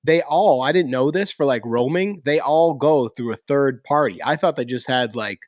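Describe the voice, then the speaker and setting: A man hosting a casual talk show, animated and slangy, with lots of fillers like "like" and "dude". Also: medium pitch, moderate pace, no room sound, studio quality. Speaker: podcast host. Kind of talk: casual chat.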